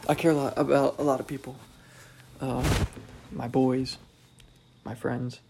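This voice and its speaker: Rambling gravelly young man. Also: mid-range voice, flat delivery, measured pace, background noise. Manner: rambling, self-deprecating, wry. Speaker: solo podcast host. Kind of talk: casual solo podcast monologue.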